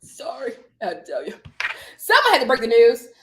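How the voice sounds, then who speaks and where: A woman's voice: a little high, wildly swooping pitch, brisk, fairly bright tone. A woman in her thirties hosting a live stream, giving emphatic motivational advice straight to her viewers in a casual way. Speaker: live-stream host and notary coach.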